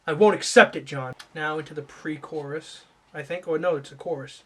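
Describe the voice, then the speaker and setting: A man doing a comedic rant, swearing and shifting from mumbled asides to mock-angry yelling. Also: on the high side, steady tone, fairly quick, slightly rough.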